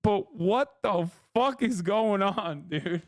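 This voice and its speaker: A man's voice: high-pitched, lively intonation, slow, dry recording, clean studio sound. A man giving casual livestream commentary, ranting in disbelief with plenty of swearing and laughter. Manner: profane, incredulous ranting with frequent laughs.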